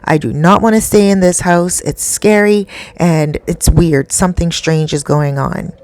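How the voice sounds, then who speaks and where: A woman's voice: fairly low pitch, fairly even intonation, measured pace, a little mellow, lightly acted. A woman voicing a frightened mother whose son nearly drowned, speaking urgently and insistently.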